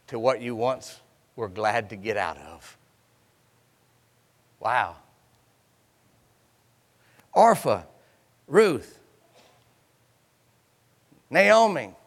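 A high-pitched, animated man preaching in a church, his voice swooping widely as he retells scripture with flair. His tone is bright and gravelly, and the sound carries a long hall reverb. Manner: dramatic storytelling, acting out voices, call and response. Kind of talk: sermon.

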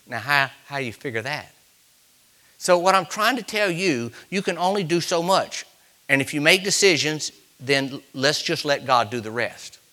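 A man preaching a sermon, telling stories to the congregation with quick asides and rising to loud, emphatic peaks. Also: on the high side, animated.

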